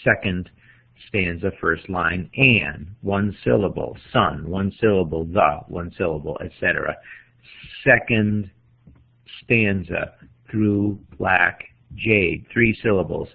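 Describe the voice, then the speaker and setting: Male teacher, unhurried classroom lecture, gravelly fry, tinny narrow audio. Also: sits low. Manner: slow, deliberate, counting out examples.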